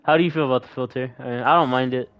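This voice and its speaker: A young male streamer chats while he plays, easygoing and loose. He swears casually and keeps a relaxed, unhurried flow. His pitch sits in the middle of the range. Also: clean tone, highs cut off. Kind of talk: casual gameplay chat.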